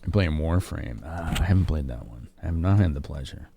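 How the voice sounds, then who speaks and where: Male game streamer, deep voice, casual and chatty with viewers. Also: lively intonation, a little fast, mellow, slight background noise. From Chicago, US. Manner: casual, chatty, laughing with chat. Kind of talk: live-stream game commentary.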